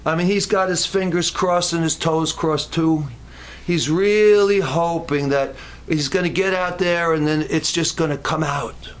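Man, preacher, sermon, high voice, jokey asides, stumbling restarts. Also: measured pace.

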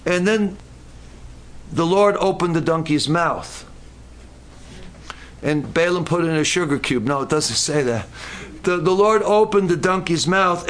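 High-voiced preacher telling a story. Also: male voice. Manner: animated storytelling with jokey asides and stumbling restarts. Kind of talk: sermon.

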